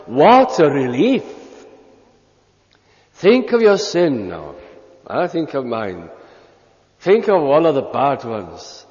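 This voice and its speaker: An older British man preaches slowly and deliberately, weighing each word with long pauses. His voice sits in the middle of the range. The recording is dull and lo-fi, caught in a hall with long reverb. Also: medium pitch, a little mellow. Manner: measured, emphatic preaching with long pauses and quoted hymn lines. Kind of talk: sermon.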